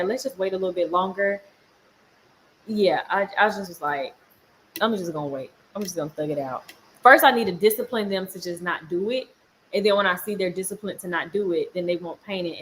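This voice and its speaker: A young woman and mother chatting casually with viewers on a livestream, animated and laughing often, breaking off to tell her toddlers off. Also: medium pitch, fast talker, a little hiss or hum. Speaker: mom vlogger on a livestream.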